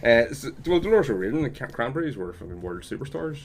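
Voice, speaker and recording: A man hosting a podcast in casual chat, talking quickly and animatedly, with frequent swearing. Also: mid-range voice, slight background noise. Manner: fast, animated, swears often. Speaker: podcast host.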